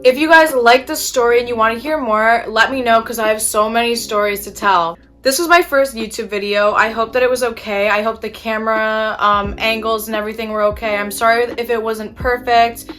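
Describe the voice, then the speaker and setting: A woman's voice: on the high side, fairly even intonation, brisk, few pauses, fairly bright tone. A young woman chatting casually while doing her makeup, telling an exasperated story with casual swearing. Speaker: beauty vlogger.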